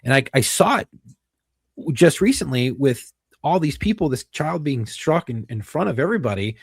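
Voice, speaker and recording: A man, a retired police officer, talking candidly as a podcast guest, halting and repeating himself, swearing casually. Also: fairly high pitch, expressive, gravelly, breathy edge, no echo, clean studio sound.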